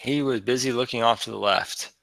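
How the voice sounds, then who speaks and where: A man running a tabletop game online as game master, relaxed and chatty, laughing often. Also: medium pitch, fairly quick, creaky, dry recording. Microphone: online voice chat.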